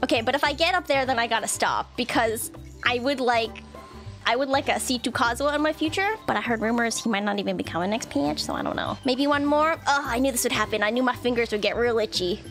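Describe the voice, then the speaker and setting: A woman's voice: a little high, quick pace, fairly bright tone, faint music behind. A woman streamer giving casual reaction commentary while playing, dramatic and self-pitying, laughing at her own bad luck. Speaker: gaming streamer.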